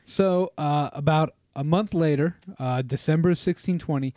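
A man's voice: fairly high pitch, moderate pace, dark tone, no room sound. A man hosting a casual podcast, telling history with jokes, swearing and frequent laughter. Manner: joking, swears, laughs often. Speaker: podcast host.

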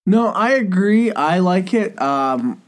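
A man co-hosts a casual film chat, joking freely as he talks. His pitch rides high and swings widely, so his voice sounds animated throughout. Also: takes it slowly. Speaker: podcast co-host.

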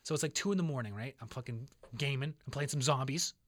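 A man's voice: mid-range voice, fast, no room sound. A young man co-hosting a podcast, telling a rambling, profanity-laced story in a casual chat. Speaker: podcast co-host.

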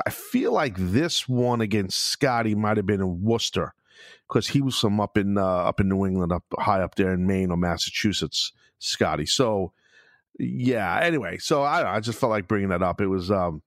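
This podcast host delivers a casual, rambling monologue in a lowish, gravelly voice, recorded cleanly in a studio with no echo. He swears freely, keeps restarting, and puts on mocking voices to imitate fans.

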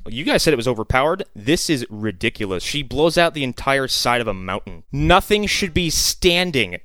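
A man with a smooth, clear voice sarcastically picks apart a film's scenes, sounding exasperated. The recording is dry and close-miked. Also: medium pitch, very animated, normal speed, fairly bright tone, no echo. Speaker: podcast co-host. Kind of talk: casual movie-recap chat.

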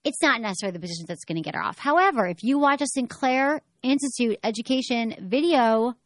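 A woman's voice: fairly high pitch, expressive, fast, no room sound, clean studio sound. A woman hosting a sex-advice talk show, talking frankly and chattily and acting out little voices as she goes. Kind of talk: casual radio-style chat.

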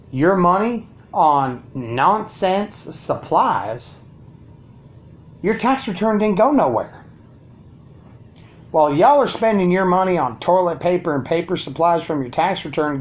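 The dull-sounding clip has a man with a fairly high voice venting crudely and sarcastically to his viewers. He's a vlogger at home, delivering a profane ranting monologue.

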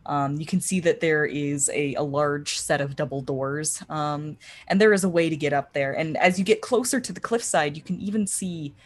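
A woman with a low voice runs a tabletop game as game master. She describes the scene piece by piece, pausing often with ums and uhs.

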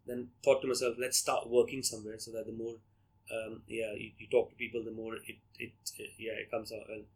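A man's voice: lowish voice, flat delivery, brisk, low-quality recording. A middle-aged man from India, a guest on an interview, telling stories casually with many hesitations and restarts. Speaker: guest, media company director.

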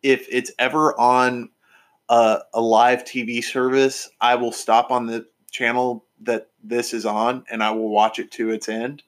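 A man's voice: mid-range voice, level tone, a little slow. Chatty man hosting a podcast. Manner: enthusiastic, rambling with fillers and restarts. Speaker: podcast host. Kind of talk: casual podcast chat.

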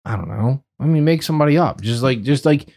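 A man's voice: fast talker, darkish tone. A man co-hosting a casual sports podcast, joking and swearing freely. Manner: joking and profane, swinging his pitch widely. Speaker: podcast co-host.

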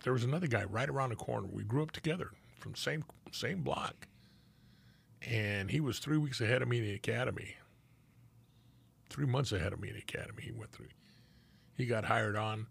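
Older male ex-cop, gravelly and a bit raspy, easygoing storyteller. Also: mid-range voice, fairly quick, pauses often, fairly bright tone. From Los Angeles. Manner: laid-back, swears freely, acts out old friends' voices. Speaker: retired police officer, guest. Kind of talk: casual storytelling chat.

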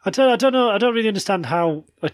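A man's voice: sits high, lively intonation, rapid-fire, no echo. Blunt British man, dry close sound. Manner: blunt, crude jokes. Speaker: podcast co-host. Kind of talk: casual chat.

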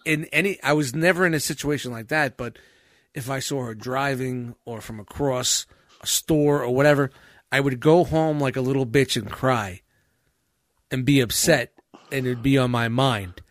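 A man's voice: medium pitch, normal speed, no echo, clean studio sound. A man telling a story in a casual podcast chat, swearing freely and often breaking into laughter. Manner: profane, animated, laughs often mid-story.

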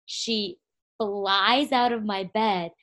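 A young woman in casual conversation, telling stories in a lively way with lots of "like.". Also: medium pitch, drawn-out words. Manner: lively, laughing storyteller with lots of "like". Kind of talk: casual chat.

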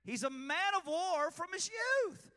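A man's voice: very high voice, lively intonation, unhurried, bright, forceful tone, in a large hall, voice pushed up, exaggerated voice. A man voicing a dismissive king who doubts a young volunteer.

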